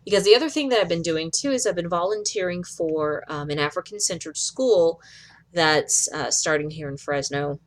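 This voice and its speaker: A woman records a personal video update to the camera. Her voice sits low, and she speaks haltingly, with frequent fillers, pauses and restarts as she gathers her thoughts. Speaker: vlogger. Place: in or near Fresno.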